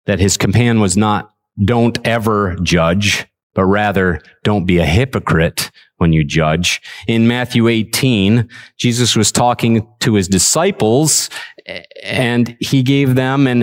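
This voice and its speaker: A man preaching a sermon in a church service, earnest, repeating himself, and turning lively as he makes his points. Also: lowish voice. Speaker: pastor.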